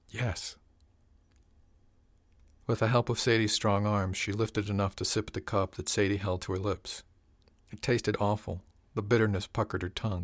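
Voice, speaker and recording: A man with a low voice narrates an audiobook in a steady, even manner. The recording is close and completely dry. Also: no room sound.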